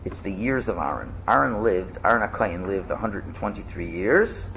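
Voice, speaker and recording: Animated, gravelly-voiced man teaching a class. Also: on the low side, a little fast, lo-fi sound, a little hiss or hum. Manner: lively, animated, chants loudly when demonstrating. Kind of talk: casual Torah class.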